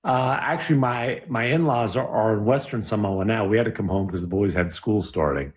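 Easygoing low-voiced male co-host. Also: a little fast. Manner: easygoing, laughing, explanatory. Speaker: podcast co-host. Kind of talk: casual podcast chat.

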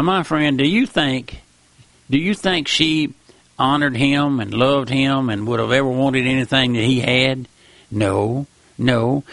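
A man's voice: mid-range voice, fairly bright tone, no echo. A middle-aged man preaching a sermon in a folksy, earnest way, often repeating phrases.

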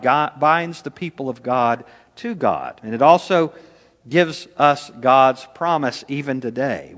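A man preaching a sermon as pastor, earnest, slowing down to stress key words. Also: medium pitch, a bit bright, in a large hall.

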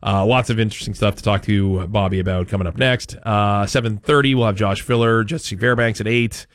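This talk radio host hails from Maine and keeps things chatty and meandering, joking readily. The studio-mic recording is dry and high quality, capturing a voice on the low side with a steady tone.

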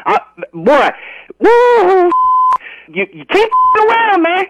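A man's voice: very high-pitched, huge pitch swings, slow, fairly bright tone, dry recording. A man on a phone call, heated and threatening, who keeps calling the other man "man". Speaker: prank call target. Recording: noisy phone line.

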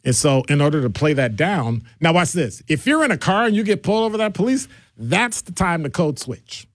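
A middle-aged man hosting a call-in radio show, his voice swooping widely as he rambles from point to point. He sits a little high for a man, and the studio sound is close and dry. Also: brisk, dry recording. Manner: animated, digressive, jumps between deep and high voices. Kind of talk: casual call-in radio talk. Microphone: studio microphone.

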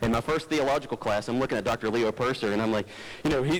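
Male pastor, chatty sermon, low-key folksy delivery, headset mic close to the mouth. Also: fast talker, poor audio. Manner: low-talking, folksy, digressive, stumbles and restarts. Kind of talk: conversational sermon.

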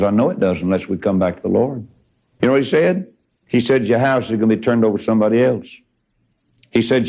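A man's voice: medium pitch, darkish tone. A man preaching a sermon in a fervent, folksy way, with sudden rises in his voice. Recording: dull lo-fi recording.

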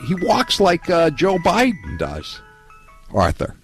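A man hosting a political call-in radio show, rambling and animated, often repeating and restarting his words. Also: high voice, slow pace, faint music behind. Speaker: radio talk show host.

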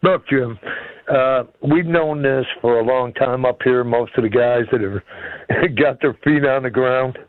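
A man's voice: medium pitch, measured pace, no echo. Older caller, man, folksy and blunt, heard over a tinny phone line. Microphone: telephone.

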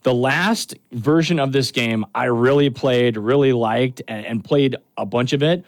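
A man co-hosting a casual chat. He talks in a relaxed, conversational way at a middling pitch for a man. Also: unhurried.

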